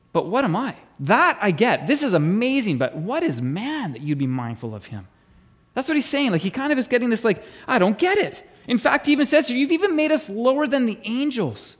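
Pastor, male, high animated voice; chatty sermon delivery that quizzes the room. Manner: chatty, asks the congregation questions, repeats words. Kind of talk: conversational sermon.

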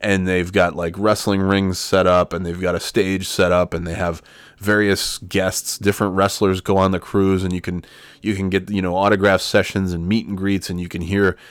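With a low, smooth voice that barely moves in pitch, a middle-aged podcast host delivers an exasperated, profane solo rant from his home at normal speed. There's no echo.

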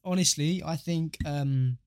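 A man's voice: a little high, unhurried. A young man co-hosting a casual podcast, joking and telling stories with a bit of swearing. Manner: joking, swearing, animated storytelling. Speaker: podcast co-host.

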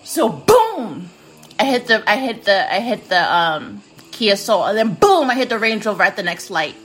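A woman's voice: medium pitch, sing-song, normal speed, fairly bright tone, slightly rough, soft background music. A woman in her twenties hosting a podcast from her kitchen, telling stories in a blunt, profane, self-mocking way. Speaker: podcast host. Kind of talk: casual storytelling monologue. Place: home kitchen.

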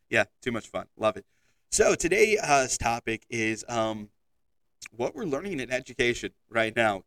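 Man, podcast host, chatty with many ums, mid pitch, a little distant from the headset mic. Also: fairly bright tone, no room sound. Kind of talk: casual podcast monologue. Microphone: headset microphone.

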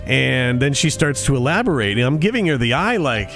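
A man's voice: mid-range voice, sing-song, fairly quick, a bit bright, faint music behind. A man co-hosting a podcast in casual chat, telling stories in a rambling, conversational way with frequent restarts. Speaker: podcast co-host.

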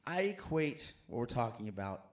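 A man co-hosting a casual church chat, an animated and playful storyteller. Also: mid-range voice, normal speed. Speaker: co-host.

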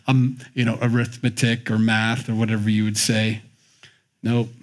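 A man's voice: on the low side, normal speed. A man teaching the Bible in a conversational, joking way, acting out the scenes as he goes. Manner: animated, joking storyteller who acts out the scenes.

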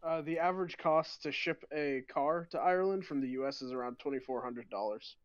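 A man's voice: on the high side, brisk, no echo. Matter-of-fact man on a dull, lo-fi mic. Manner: matter-of-fact, chimes in with facts. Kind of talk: casual chat.

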